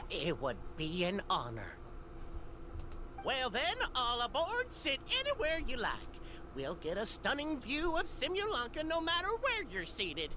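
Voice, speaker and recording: A woman's voice: a little high, huge pitch swings, a little slow, sharp tone, a little hiss or hum, exaggerated voice. A woman voicing an eager, deferential male toy train conductor in a video game, with a Southern US twang. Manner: formal, deferential.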